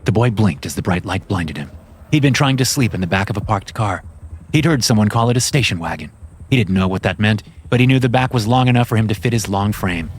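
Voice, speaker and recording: A man narrating a horror story in a measured, steady scripted reading. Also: on the low side, husky.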